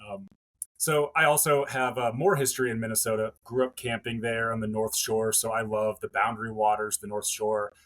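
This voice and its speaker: A man co-hosting a podcast in relaxed chat, easygoing and thinking aloud as he talks. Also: fairly low pitch, normal speed. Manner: easygoing, laughs along, thinks aloud with fillers. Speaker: podcast co-host. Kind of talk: casual chat.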